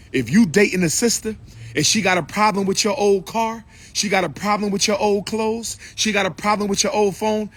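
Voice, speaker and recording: A man's voice: a little high, a bit bright, husky. A man giving an impassioned, repetitive lecture and calling out to his listeners. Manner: preachy, repetitive, calls out to the audience. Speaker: speaker addressing an audience.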